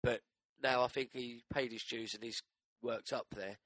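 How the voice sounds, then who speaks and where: A man's voice: medium pitch, steady tone, normal speed, fairly bright tone, no room sound. A man co-hosting a casual podcast, easygoing, adding details and agreeing often. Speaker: podcast co-host. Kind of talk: casual wrestling chat.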